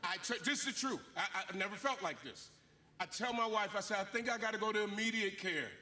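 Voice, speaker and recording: A man in his fifties speaks at a graduation ceremony in a preacher's style, with a very high, very bright voice. He tells his stories with animation and acts out what people said. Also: fast. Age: 50s. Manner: animated storytelling with acted-out quotes. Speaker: commencement speaker, bishop. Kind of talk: preacher-style commencement speech.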